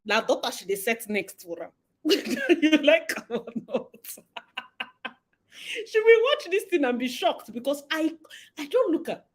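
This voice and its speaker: A woman's voice: high voice, very animated, measured pace. A Nigerian woman giving casual gossip commentary with Pidgin mixed in. She laughs often and acts out the quotes. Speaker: vlogger and commentator.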